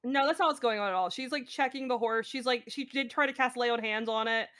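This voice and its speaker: Give me a high, giggly woman player. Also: fast talker, fairly bright tone. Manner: giggly, rambling explanations. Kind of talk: casual tabletop play.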